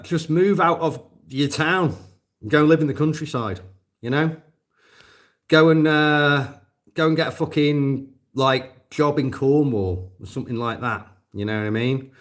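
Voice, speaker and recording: A man's voice: fairly high pitch, measured pace, sharp tone. A man casually chatting to his live audience, rambling and swearing, with lots of fillers. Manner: profane, rambling, many fillers. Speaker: volunteer drone operator answering live chat. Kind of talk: casual livestream chat.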